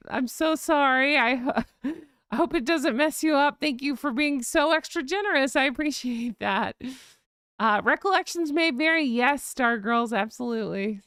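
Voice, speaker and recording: A woman hosting a casual livestream chat, rattling along at an excited clip. Her voice is slightly high and smooth with a gravelly edge. The recording is dry and close. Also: dry recording. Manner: rapid, excitable chatter. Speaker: livestream host. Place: home.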